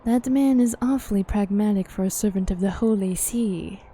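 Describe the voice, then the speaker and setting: A woman's voice: medium pitch, dark tone, slight background noise, close to an everyday voice. A woman reading as Minfilia, poised and formal. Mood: earnest. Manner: formal, measured reading of game dialogue.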